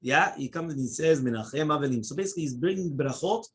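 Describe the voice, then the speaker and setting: A man's voice: a little high, slightly rough. A male rabbi teaching a Talmud class in English, rattling off Hebrew quotations and translating them, with frequent "right?" and "yeah?" check-ins. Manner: animated, questioning asides like "right?" and "yeah?"; chants Hebrew quotes rapidly.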